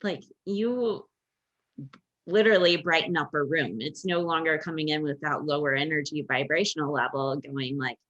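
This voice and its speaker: A woman's voice: sits low, moderate pace, fairly bright tone. A woman hosting a podcast, chatting in an upbeat, storytelling way. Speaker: podcast host. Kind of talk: casual chat. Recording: dull lo-fi sound.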